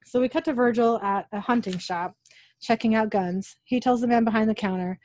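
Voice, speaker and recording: A woman's voice: a little high, darkish tone, no room sound. Casual woman narrating an episode recap. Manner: quick narration, self-corrections.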